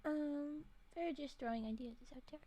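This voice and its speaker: A woman livestreamer chatting casually with her viewers in a rambling way, with frequent restarts and quick laughs. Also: high-pitched, mellow. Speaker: livestreamer reading stories. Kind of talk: casual chat with live viewers.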